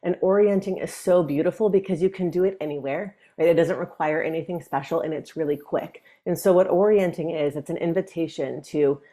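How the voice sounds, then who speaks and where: A woman guest on an interview podcast, a breathwork teacher speaking gently and reflectively. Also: fairly low pitch, steady tone, a little fast, few pauses. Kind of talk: conversational interview.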